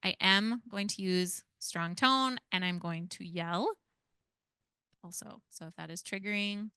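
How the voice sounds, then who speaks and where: A woman's voice: mid-range voice, a little slow, pushed and bright, clear, resonant tone, no room sound. A woman in her thirties leading an interactive parenting workshop in a casual, chatty way, often adding "like" and "right?". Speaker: parenting educator leading a training.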